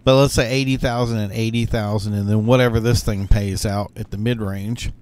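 A man's voice: lowish voice, steady tone, brisk, a little mellow, clear, resonant tone. A man giving casual, rambling commentary while playing a video game, thinking aloud with many fillers and restarts. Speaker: gaming YouTuber.

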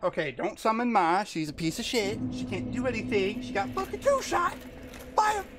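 A man giving excitable let's play commentary, laughing, swearing and yelling at the game. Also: sits high, normal speed. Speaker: gamer playing online. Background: game music.

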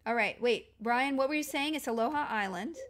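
A woman chatting casually with friends while she plays a life-sim game on stream, with quick, excitable exclamations. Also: fairly high pitch. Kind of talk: casual gaming chat.

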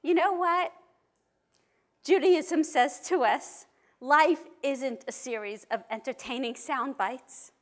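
A woman rabbi from New York speaks in a high voice at a slow, deliberate pace. She delivers a measured, emphatic talk to a conference audience. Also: animated. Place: conference hall.

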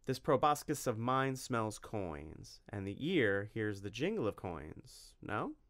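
A man's voice: fairly low pitch, big pitch swings, slow pace, fairly bright tone, heavily acted. Man doing a sly greedy cobbler. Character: greedy sly male cobbler, weaselly and wheedling.

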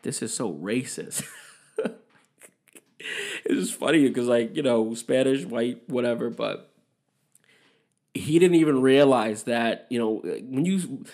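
A man's voice: medium pitch, darkish tone. Profane rambling man. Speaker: podcast host. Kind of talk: casual solo monologue.

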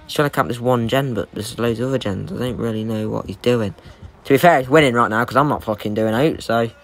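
A young man giving excitable, jokey live commentary while playing a game, swearing and trash-talking the opponent. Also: medium pitch, fast talker. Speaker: gaming YouTuber.

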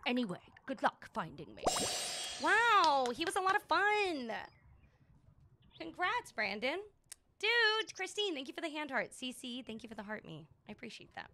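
A playful woman streams a game live, her high voice swinging widely as she greets viewers. She takes her time, and a steady noise sits behind her. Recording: noisy background.

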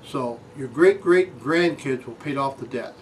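A man delivers a mock classroom lecture in a dry, deadpan manner, addressing his audience as though they were small children. His voice sits at an ordinary pitch and is picked up from some distance, with faint noise underneath. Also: unhurried. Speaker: comic lecturer.

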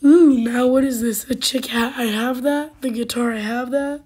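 A woman with a hoarse voice hosting casual gameplay commentary, halting and full of fillers, now and then dropping to a whisper. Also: fairly high pitch, fairly even intonation, darkish tone. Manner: halting, with many fillers and sudden drops to a whisper. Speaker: gaming channel host.

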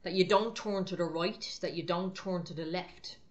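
A woman's voice: fairly low pitch, normal speed, lo-fi sound. A woman preaching a sermon, firm and exhorting in a conversational way.

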